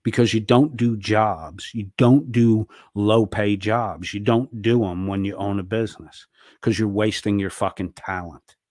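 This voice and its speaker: Man, low pitch, dry close sound, furious profane rant. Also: steady tone, a little slow, a little mellow, no echo. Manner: angry, profane, berating. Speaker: streamer. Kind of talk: ranting monologue.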